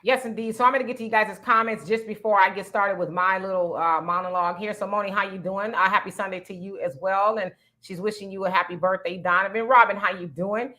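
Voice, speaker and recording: A woman's voice: medium pitch, fairly even intonation, quick pace, hardly any pauses, bright, forceful tone. A middle-aged woman hosting a casual live-streamed talk show, chatting conversationally and reading viewer comments aloud. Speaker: host.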